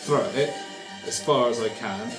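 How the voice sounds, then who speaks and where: A man's voice: mid-range voice, a little slow, reverberant, music in the background, low-quality recording. Eager man playing a tabletop game. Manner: eager, declaring actions. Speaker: player.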